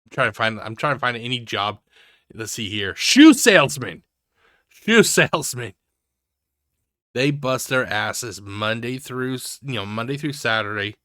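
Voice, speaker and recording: A man rants through reaction commentary in a bright, forceful voice, sarcastic and full of swearing. The sound is dry, with no room echo. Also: medium pitch, a little slow. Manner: sarcastic, ranting, heavy swearing. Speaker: commentary host.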